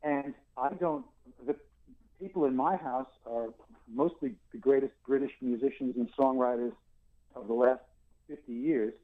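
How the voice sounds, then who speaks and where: A singer-songwriter in his sixties from New York, telling animated stories and acting out dialogue as an interview guest. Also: mid-range voice, moderate pace. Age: 60s. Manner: animated storyteller who acts out dialogue and laughs. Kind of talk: phone interview. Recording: tinny phone line.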